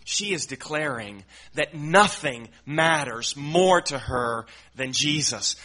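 Earnest guy preaching, bit high voice, bright and sharp, repeats words a lot. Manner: earnest, explanatory, frequent word repeats. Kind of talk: expository Bible teaching.

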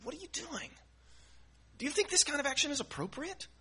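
A man voicing indignant male onlookers, putting on a high, incredulous scolding tone while reading a gospel passage. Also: very animated, a little fast, pushed and bright, full character voice.

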